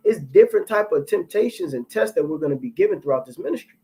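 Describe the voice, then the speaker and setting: A man giving an informal spoken testimony, profane and rambling, repeating words and restarting, reading scripture aloud more slowly. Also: on the high side, lively intonation, mellow, soft background music, low-quality recording.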